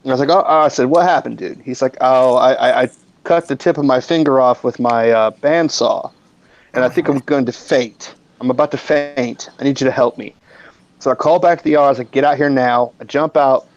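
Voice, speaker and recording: A man casually telling a funny workplace story on a live stream, lively and swearing freely. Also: mid-range voice, brisk, no echo, muffled recording.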